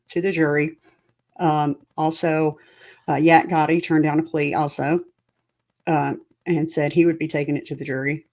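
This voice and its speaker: A woman's voice: deep voice, a little mellow. A woman hosting a livestream, reacting anxiously and chatting with viewers. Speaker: livestream host. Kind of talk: live reaction commentary. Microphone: home streaming setup.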